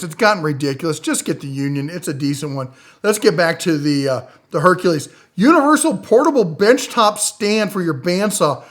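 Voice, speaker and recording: A middle-aged man with a fairly high voice runs through tool deals in a casual, rambling way. He is enthusiastic, his voice jumping up and getting louder on items he likes, then dropping low and quiet for asides. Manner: enthusiastic, rambling, with lively swings in loudness and pitch. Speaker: tool reviewer. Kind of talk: casual product rundown.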